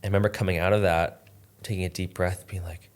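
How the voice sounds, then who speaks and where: This podcast guest, a man, has a low voice with a flat delivery and talks fast. Earnest and reflective, he casually recounts a personal story, peppering it with "like".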